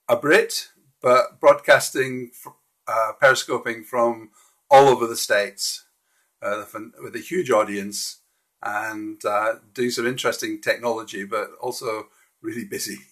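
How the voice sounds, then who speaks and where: Husky-voiced man hosting a live stream. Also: medium pitch, a little slow, a bit bright. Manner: friendly, hesitant, frequent restarts. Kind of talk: casual live-stream walkthrough of slides.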